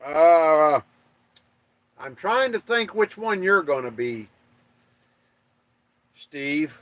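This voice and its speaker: A man's voice: on the high side, lively intonation, very slow. A man from the United States hosting a livestream, reading viewer comments and joking about English place names in playful trash talk. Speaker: livestream host.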